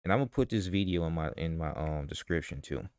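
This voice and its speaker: A man's voice: rumbling low, animated, quick pace, darkish tone, smooth, no echo, clean studio sound. A man in a vlog ranting heatedly with profanity and rhetorical questions. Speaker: vlogger. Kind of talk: ranting commentary.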